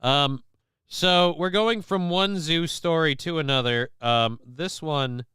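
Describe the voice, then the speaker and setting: A man's voice: on the high side, slow, sharp tone, smooth, dry recording. A man hosting a commentary show, rambling casually with many fillers and frequent swearing. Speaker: show host.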